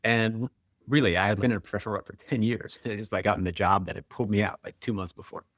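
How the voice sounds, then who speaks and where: A middle-aged man, a guest author and marathoner, telling stories in a quick, animated, conversational way, full of "like" and "right?". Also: on the low side, no room sound, clean studio sound. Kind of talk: conversational storytelling.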